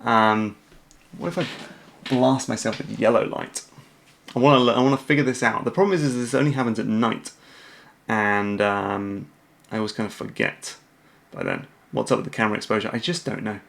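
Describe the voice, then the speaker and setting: A man's voice: on the low side, lively intonation, moderate pace, creaky, a bit bright. A British man hosting a casual livestream, rambling through viewer questions with lots of fillers, restarts and self-deprecating asides from a room at home at night. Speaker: host.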